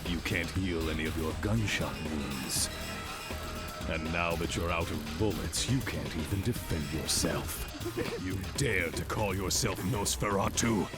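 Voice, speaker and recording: Cold sneering villain, deep voice, mocking, loud music behind. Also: male voice, measured pace. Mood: contemptuous. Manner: contemptuous, mocking. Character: cold sneering male villain taunting a vampire.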